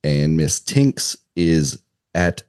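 A man guesting on a casual adult podcast, talking in an easygoing, halting way with lots of fillers. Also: extremely low pitch, sing-song, darkish tone, smooth, dry recording, studio quality.

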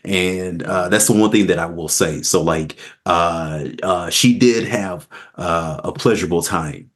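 A man's voice: sits low, measured pace. A man hosting a podcast in a laid-back, enthusiastic chat style. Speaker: podcast host. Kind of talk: casual interview chat.

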